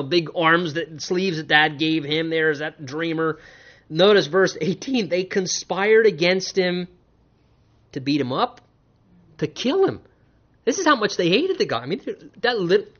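Male pastor working through scripture verse by verse; punchy emphasis, hushed asides, slightly raised voice, muffled lo-fi capture. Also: a little high. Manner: emphatic, varies between loud stresses and quiet asides. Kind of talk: expository sermon reading scripture with commentary. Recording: dull lo-fi sound.

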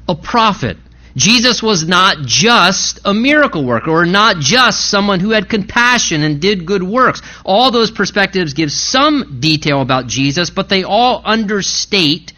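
Male pastor, high bright voice, emphatic sermon delivery with pressing repeated questions. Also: low-quality recording.

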